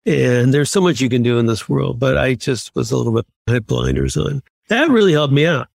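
A man in his sixties from Massachusetts, a guest on an interview podcast, telling lively self-deprecating anecdotes. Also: medium pitch, brisk, gravelly, no room sound, clean studio sound. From Massachusetts, USA. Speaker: podcast guest, former submarine commander. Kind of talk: conversational interview storytelling.

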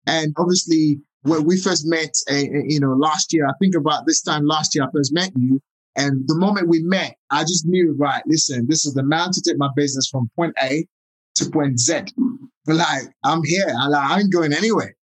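A man's voice: a little high, moderate pace, rough recording. A man with a Nigerian accent interviewing a guest, effusive and grateful, talking in long run-on sentences full of fillers. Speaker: interviewer, business owner. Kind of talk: casual interview.

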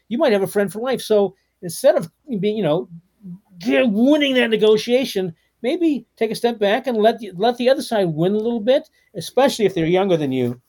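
A man in his sixties, a guest author telling stories in a podcast interview, with lots of fillers and restarts. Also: high voice. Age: 60s. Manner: animated storyteller with frequent fillers.

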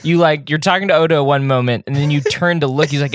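A man co-hosting a podcast, giggly and animated as he tells jokes. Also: fairly high pitch, quick pace, dry recording, clean studio sound. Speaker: podcast co-host. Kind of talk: casual chat and playful role-play.

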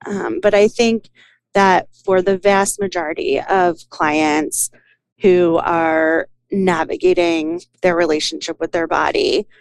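A woman psychologist, a guest on an interview show, speaking in a measured, explanatory way. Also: on the low side, steady tone, smooth, no echo. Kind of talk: interview conversation.

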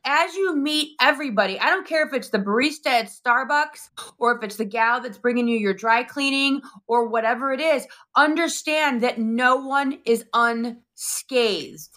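A middle-aged woman co-hosting a casual live-stream chat, telling stories with animated back-and-forth. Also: on the high side, moderate pace. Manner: animated storyteller acting out both sides. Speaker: co-host.

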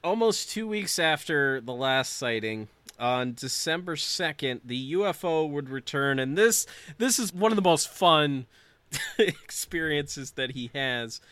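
A man hosting a podcast, telling a story in a casual, animated way with jokey asides and frequent laughs. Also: on the high side, measured pace, clear, resonant tone, dry recording. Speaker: podcast host.

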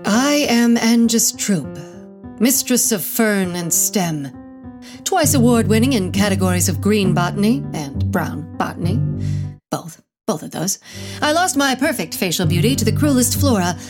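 A haughty Victorian woman botanist, voiced by a woman, who delivers her boasts deadpan. Loud music plays behind her throughout this comedy audio drama. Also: mid-range voice, measured pace, natural voice. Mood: boastful.

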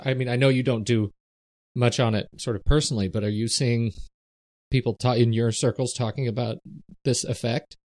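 A man co-hosting a casual podcast, teasing his co-hosts in quick, animated banter. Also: medium pitch. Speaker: podcast co-host. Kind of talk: casual chat.

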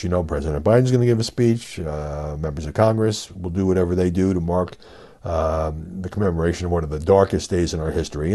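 An older man with a low, mellow voice hosts a solo podcast as a media commentator. His commentary is conversational, full of fillers and emphatic rhetorical questions.

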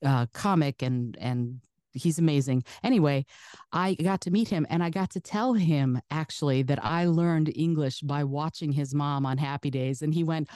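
Low, mellow-voiced woman telling stories. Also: normal speed, no echo, clean studio sound. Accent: broadcast American. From Soviet Union. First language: Russian. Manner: animated, laughs often, chatty. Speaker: guest. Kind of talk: casual interview storytelling.

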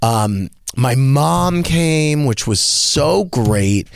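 A man hosting a radio talk show, telling a story in a casual, animated way and acting out the people he quotes. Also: extremely slow, creaky. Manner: animated, acts out quoted voices in a higher pitch. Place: radio studio.

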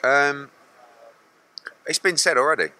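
A man's voice: a little high, a little slow, sharp tone. A middle-aged man, a boxing promoter answering press questions bluntly and acting out other people's lines.

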